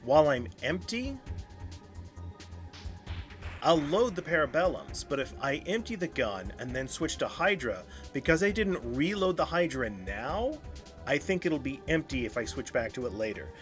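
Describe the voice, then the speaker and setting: A man's voice: a little high, big pitch swings, normal speed, soft background music. A man in his thirties giving casual let's-play commentary, talking to himself and to enemies and laughing often. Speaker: gameplay streamer.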